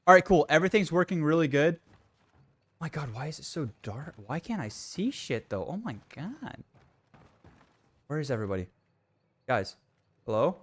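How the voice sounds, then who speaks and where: A man's voice: fairly high pitch, very animated, moderate pace, long pauses, slightly rough. Ranting young man streaming a game. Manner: exasperated, swearing, ranting at the game. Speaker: livestreamer. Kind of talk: casual gaming livestream.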